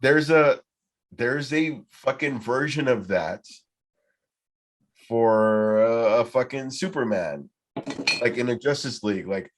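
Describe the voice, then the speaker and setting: A man's voice: mid-range voice, slow, pauses often. A man hosting a casual podcast trivia night, rambling and swearing freely as he talks. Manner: rambling, heavy swearing, loose and profane. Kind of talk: casual group chat.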